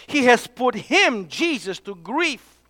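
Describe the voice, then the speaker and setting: A man preaching a sermon, emphatic, dropping to hushed tones for key points. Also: very high voice, sing-song, slow pace, dry recording.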